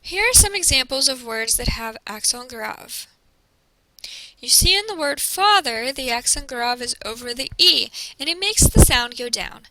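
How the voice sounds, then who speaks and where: A woman teacher giving a recorded classroom presentation, explaining slowly and carefully and modeling each pronunciation. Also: sits high, lively intonation, pushed and bright, dry recording, poor audio.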